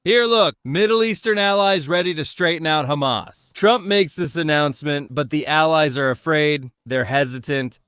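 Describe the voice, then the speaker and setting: A man's voice: on the high side, normal speed, hardly any pauses, fairly bright tone, clean tone, no echo, studio quality. A man commentating on the news in a live stream, firing off rhetorical questions and greeting viewers in the chat.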